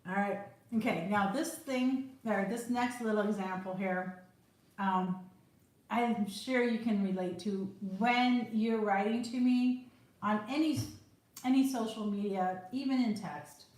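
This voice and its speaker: A middle-aged woman hosting a relaxed tasting chat, chatty and often laughing. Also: mid-range voice, a little slow. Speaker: author hosting a release celebration. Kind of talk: casual chat during a tasting. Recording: very echoey room.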